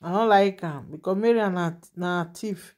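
A woman's voice: lowish voice, moderate pace, darkish tone. A woman with a Nigerian accent hosting her own channel, chatting casually and animatedly as she shares celebrity gossip and laughs often.

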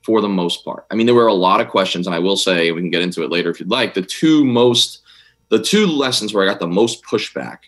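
A man with a very low voice speaks as an interview guest. He talks quickly and excitably, often breaking off and restarting his sentences. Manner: rapid, excitable, with frequent restarts. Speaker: guest author, former army officer and history teacher. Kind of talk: conversational interview answer.

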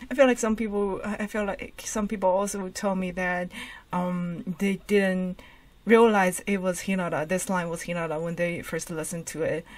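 A woman hosting a music reaction video, talking in an excited, gushing way with lots of fillers and restarts. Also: on the low side, normal speed. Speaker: reaction channel host. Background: faint music from the reacted video.

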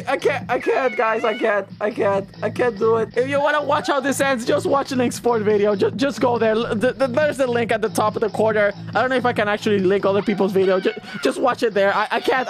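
A man giving frantic gameplay commentary, yelping, groaning and repeating himself in frustration, with game music behind him. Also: extremely high pitch. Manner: repeats himself in exasperated loops. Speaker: gaming YouTuber.

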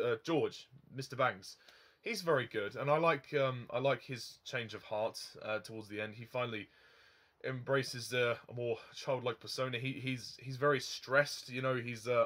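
A young man talks through a film review in an easy, unscripted way. He rambles, fills his pauses with ums and chuckles at his own comments. His voice sits at an ordinary middle pitch for a man. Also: fairly bright tone. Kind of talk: casual film review monologue.

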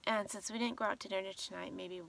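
A woman's voice: mid-range voice, steady tone, fast talker, creaky, fairly bright tone, distant mic, slight background noise. A tired woman vlogger chatting casually at night, half asleep and rambling as she shows her things. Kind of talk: casual late-night vlog chat.

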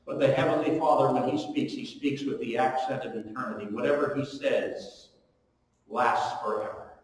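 A pastor preaching in a church hall, his voice carrying with a long, booming echo. He sits at a middle pitch and swings between loud emphatic lines and hushed ones. The mic sits some distance from him. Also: moderate pace. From eastern Ontario, Canada. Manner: storytelling, animated with strong rises and drops in pitch and volume. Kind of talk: sermon. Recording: echoey hall, recorded from far off.

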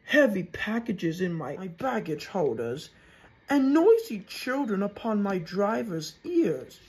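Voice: medium pitch, sing-song, slow pace, slightly rough, pitched above the performer's own voice, exaggerated voice. A narrator voicing a prim, haughty female diesel railcar who complains fussily and indignantly. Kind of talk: storybook reading.

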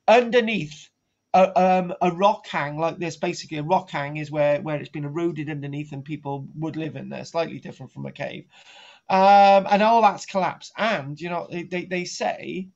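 A middle-aged man gives a rambling, jokey archaeology lesson on a live stream, teasing his co-host and restarting sentences. His voice is high with a darkish tone, carried by dull lo-fi home stream audio.

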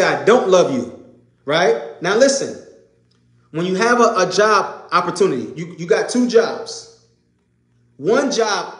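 A man's voice: sits high, reverberant. A man preaching an informal sermon, emphatic and conversational, repeating his points. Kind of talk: informal sermon to a live audience.

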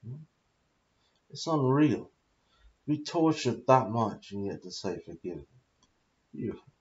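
A man's voice: medium pitch, animated, unhurried, darkish tone, echoey room. A British man in his thirties, talking in a rambling, confused, confessional monologue full of swearing. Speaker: vlogger. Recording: dull lo-fi audio.

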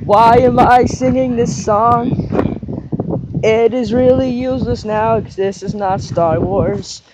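High-pitched man yelling through a noisy skit. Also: slow pace, muffled recording. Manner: excitable, swings from yelling to mumbling. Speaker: video maker voicing all characters. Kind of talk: homemade skit, switching between character voices.

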